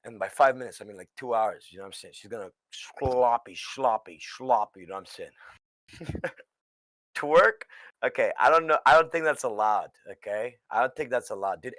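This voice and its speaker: A man from the Caribbean chatting with his viewers. He jokes in crude slang, now muttering, now shouting. His voice is bright and sits close in a dry sound. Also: mid-range voice, no echo. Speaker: guest streamer. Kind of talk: casual chat with stream viewers.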